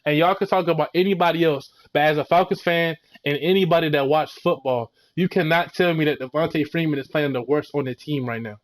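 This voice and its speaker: A man's voice: fairly high pitch, a little fast, few pauses. A young man ranting a football recap, heated and exasperated, full of slang and mocking quotes. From Florida. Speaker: sports vlogger.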